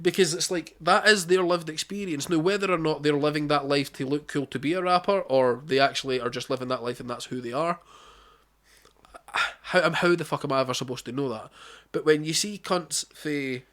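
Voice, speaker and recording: A man's voice: fairly high pitch, fairly quick, a bit bright. A young Scottish man hosting a casual chat, sweary and rambling, full of fillers and restarts. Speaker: podcast host.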